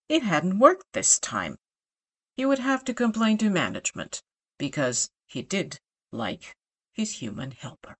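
A woman reading her short story aloud with expressive, animated delivery. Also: deep voice. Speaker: storyteller in a weekly flash fiction podcast.

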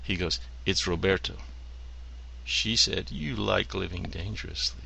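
Gravelly, deep-voiced man reading stories. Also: unhurried, sharp tone, a little hiss or hum, poor audio. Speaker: story reader. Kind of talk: reading short stories aloud.

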